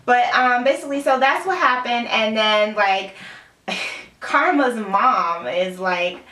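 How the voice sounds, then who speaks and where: In a distant-mic recording from a roomy room, a young woman chats through a TV episode recap, rambling with plenty of "like" and "um" and getting names mixed up. Her voice is a little high and sharp-toned, animated but slow.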